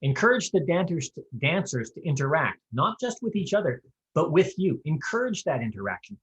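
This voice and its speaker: A man's voice: a little high, sing-song, fairly quick, a bit bright, low-quality recording. A man giving a conversational, practical lesson on square dance calling, with folksy asides and offhand humor. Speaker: square dance caller teaching callers. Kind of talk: instructional talk.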